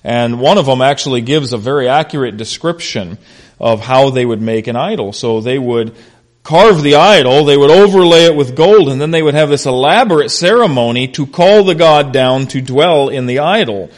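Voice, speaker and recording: A man's voice: medium pitch, normal speed. Man preaching in a conversational style. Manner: conversational, unscripted, frequent "uh" and "you know"; animated, shifts between loud emphasis and quiet asides. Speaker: pastor. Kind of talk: expository sermon.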